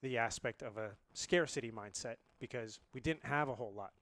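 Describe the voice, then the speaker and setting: A man in his late twenties, originally from India, telling a story as a podcast guest in a lively, laughing way. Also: medium pitch, a little fast, dry recording. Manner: animated, laughs often. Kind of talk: casual storytelling.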